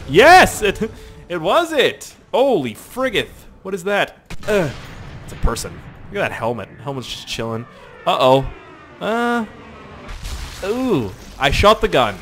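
Young male gamer, let's play commentary, goofy rambling delivery, swings high and low. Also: a bit bright, slight background noise. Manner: rambling, joking, swears a lot. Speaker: gaming YouTuber.

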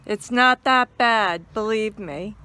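A woman's voice: medium pitch, slow, bright, forceful tone. An older woman, a mother-in-law, giving an affectionate birthday message and laughing often.

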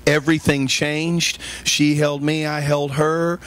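A man's voice: a little high, flat delivery, slow pace, a bit bright. A male pastor preaching a sermon, telling personal stories and calling the congregation for amens.

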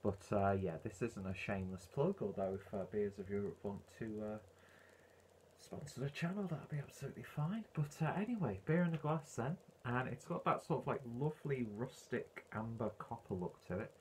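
A man's voice: medium pitch, lively intonation, moderate pace, a little mellow, slight background noise. A man reviewing a beer in a casual, rambling way, full of ums and uhs.

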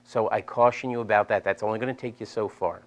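A middle-aged man with a Delaware accent, a physical therapist presenting a live seminar to an audience and demonstrating stretches in a chatty, animated way. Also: lowish voice, fast. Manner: animated, chatty, repeats himself for emphasis.

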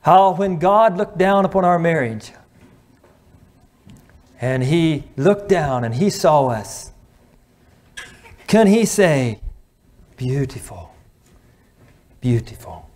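A man's voice: fairly high pitch, lively intonation. Earnest middle-aged preacher man. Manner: earnest, slows and drops to a hush at emotional points; clears his throat now and then. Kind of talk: sermon.

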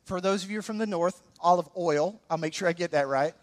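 A man with an Alabama Southern accent preaching a sermon as pastor, animated and throwing joking asides to the congregation. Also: sits high, fast talker.

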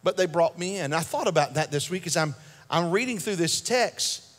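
High-voiced preacher in a reverberant church. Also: male voice, expressive, normal speed, a bit bright. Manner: emphatic preaching with call-outs for amen; repeats and restarts words as he builds a point. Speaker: pastor. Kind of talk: sermon.

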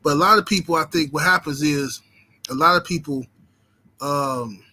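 A man hosts a boxing channel livestream, reading the super chat in laid-back, profane street talk full of "you know what I'm saying." His voice is fairly high, pushed, and bright, his pace moderate, and the recording quality low.

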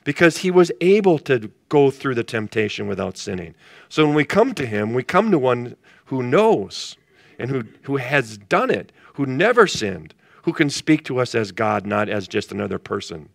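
Brief: male pastor, gravelly voice, dry close sound, chatty Bible study leader who quizzes his group. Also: mid-range voice, very animated, moderate pace, no echo. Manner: conversational, asks the group questions. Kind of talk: casual Bible study teaching.

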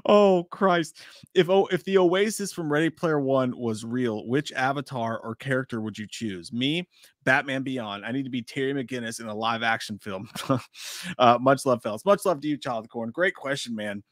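A man's voice: mid-range voice, moderate pace, dry recording, studio quality. A man co-hosting a casual livestream, laid-back and jokey, swearing freely. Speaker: livestream co-host.

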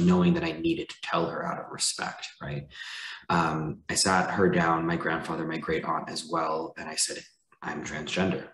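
Brief: candid male panelist, low voice, roomy echoey sound. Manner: candid and conversational, with light laughs. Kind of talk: personal storytelling on a panel.

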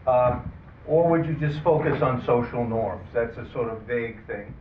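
A man moderating a panel discussion, who introduces the guests and runs an audience poll in a halting way, with many fillers and dry asides. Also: mid-range voice, fairly even intonation. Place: conference room. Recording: phone-like, roomy, distant, faint hiss.

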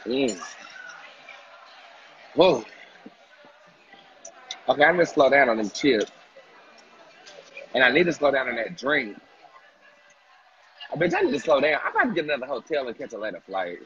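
A man's voice: mid-range voice, huge pitch swings, moderate pace, long pauses, a bit bright, highs cut off. A man hosting a casual livestream from a restaurant, talking in a sassy, profane, playful way. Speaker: livestream host. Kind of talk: casual livestream eating chat.

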